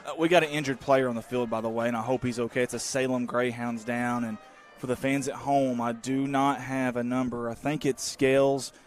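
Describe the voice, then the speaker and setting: A man calling a local high school football game, folksy and excitable, bursting into shouts on big plays. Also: fairly quick, soft background music. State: out of breath. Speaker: play-by-play announcer.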